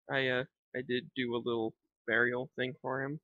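A man's voice: mid-range voice, level tone, normal speed, dry recording. A young man chatting casually while playing a game, rambling and thinking aloud with lots of fillers. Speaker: gaming vlogger. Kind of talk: casual gameplay commentary. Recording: dull lo-fi home mic.

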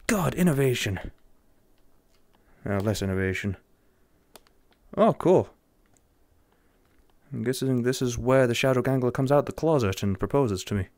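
Joking English man with a lively voice. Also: mid-range voice, normal speed, long pauses, dry recording. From England. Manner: jokey, sarcastic, excitable. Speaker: gamer. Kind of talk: horror game commentary.

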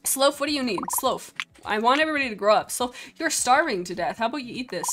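A young woman streaming a game, chatting casually and excitably, gasping, giggling and speaking for her virtual pets. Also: on the high side, quick pace, noisy background. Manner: excitable, giggly, gasping, voices the pets' thoughts. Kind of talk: casual gameplay commentary.

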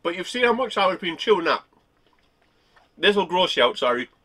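A man's voice: high voice, very animated, normal speed, a bit bright, a little hiss or hum. A man vlogging as he tastes snacks, talking casually and laughing often. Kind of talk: casual snack tasting chat.

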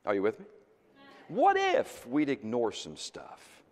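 A middle-aged male pastor preaching a sermon, swinging between loud exhortation and quiet, intimate asides. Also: mid-range voice, huge pitch swings, slow. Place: church sanctuary. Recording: long hall reverb in a church sanctuary.

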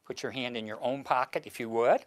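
An older man performing a magic routine for an audience, instructing his volunteers in a chatty, gently teasing way. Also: mid-range voice, a little fast. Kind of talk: archival stage performance with patter.

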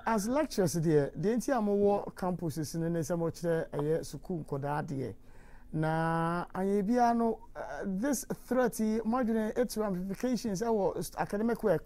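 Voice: medium pitch, normal speed, mellow. A Ghanaian radio host asking short prompting questions in a studio interview.

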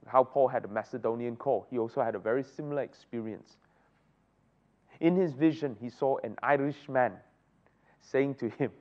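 A man teaching a Bible study, often asking the group rhetorical questions. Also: medium pitch. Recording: dull lo-fi recording.

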